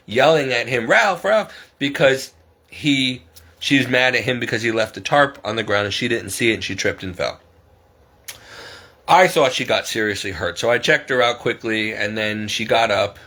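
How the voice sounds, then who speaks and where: A man's voice: on the low side, sharp tone. A middle-aged man telling a story in a casual vlog, rambling and exasperated, repeating himself as he goes. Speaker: vlogger.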